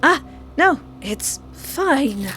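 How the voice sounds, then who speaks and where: A woman voicing a soft-spoken, creepy young man who holds someone captive, talking slowly and coaxingly in a visual novel. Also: high voice, big pitch swings, soft background music, voice pushed up, full character voice. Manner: soothing, slow and coaxing.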